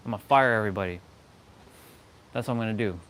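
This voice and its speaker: A man's voice: lowish voice, quick pace, a bit bright, clear, resonant tone. A man hosting a fitness livestream, talking in a loose, rambling, joking way. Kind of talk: casual livestream chat.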